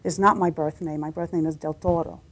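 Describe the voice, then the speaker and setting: A woman's voice: low-pitched, steady tone, a little fast. A middle-aged woman, a singer, telling stories in a casual interview chat and acting out the voices in her anecdotes. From United States. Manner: chatty storyteller, acts out voices in anecdotes. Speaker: singer and guest.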